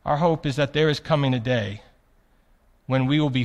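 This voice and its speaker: A man preaching a sermon, emphatic, with rhetorical questions, swinging from loud proclamations to quiet, soft passages. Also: mid-range voice, moderate pace. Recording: reverberant hall.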